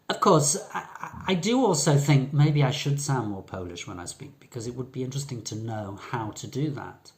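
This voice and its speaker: A man's voice: mid-range voice, lively intonation, fairly quick, few pauses. An older English man with a British accent, an English teacher telling a story in a chatty, rambling way. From England. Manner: chatty, rambling, with fillers and restarts. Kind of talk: casual storytelling lesson.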